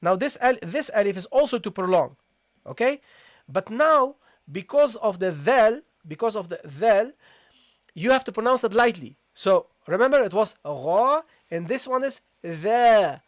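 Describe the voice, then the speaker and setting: A recitation teacher giving a live-streamed online lesson, explaining step by step, checking understanding with a frequent "okay?" and slowly sounding out letters to demonstrate. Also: medium pitch, animated, dry recording, studio quality.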